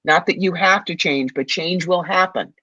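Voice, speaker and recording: A woman's voice: on the low side, moderate pace, a bit bright, no echo, lo-fi sound. A woman giving psychic readings to viewers in a confident, familiar way, calling people darling. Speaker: psychic medium guest.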